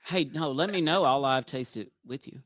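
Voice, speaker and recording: A man's voice: medium pitch, moderate pace, fairly bright tone, dry recording. A man, a former game show contestant, talking in a jovial, folksy, playfully boastful way in a casual group chat.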